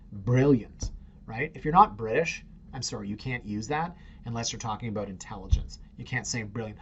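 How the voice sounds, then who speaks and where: A man's voice: lowish voice, a bit bright, dull audio, a little hiss or hum. Sarcastic man riffing on listings. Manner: opinionated and sarcastic, with frequent "right?" and muttered asides. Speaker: real estate agent host. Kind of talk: casual commentary on listings.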